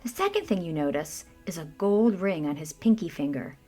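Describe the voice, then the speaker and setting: Woman reading a kids bible story, super animated, talks right to you, quiet music behind. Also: lowish voice, normal speed, slightly rough. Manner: lively, addresses listener as you. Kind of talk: scripted narration for children.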